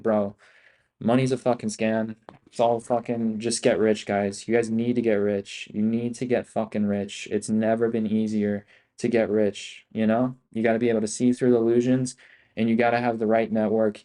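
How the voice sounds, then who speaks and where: A man's voice: lowish voice, mellow. A man hosting a livestream as an options trader, talking in a hyped, profane, slangy way and repeating himself a lot. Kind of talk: casual livestream talk.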